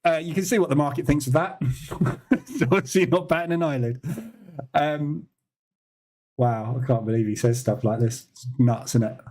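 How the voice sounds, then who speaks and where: A man's voice: medium pitch, moderate pace, dark tone. A man hosting a live trading stream, talking casually and incredulously, often laughing. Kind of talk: live market commentary.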